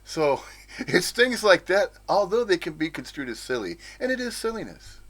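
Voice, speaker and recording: A man's voice: high-pitched, big pitch swings, moderate pace, fairly bright tone. Chuckling American man musing on nonduality. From United States. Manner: rambling, chuckling, playful asides. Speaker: spiritual teacher. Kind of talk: informal spiritual talk.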